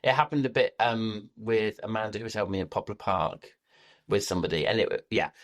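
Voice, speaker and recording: A man's voice: on the low side, fairly quick. A man co-hosting a podcast, speaking casually in a hesitant, mild manner with many restarts. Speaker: podcast co-host. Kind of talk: casual chat.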